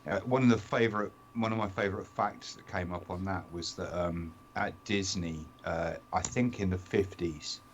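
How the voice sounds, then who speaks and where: A man co-hosting a casual live-streamed talk show, telling anecdotes with deadpan, dark humor. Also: deep voice, moderate pace, few pauses, a little hiss or hum. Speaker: co-host. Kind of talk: casual chat.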